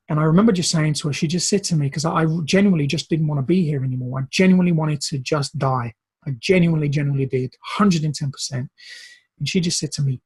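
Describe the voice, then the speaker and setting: Brazilian-born man, earnest recovery coach, husky, slightly high voice, emotional storytelling. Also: fast talker, a little mellow. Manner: earnest, repeats words, voice wells up.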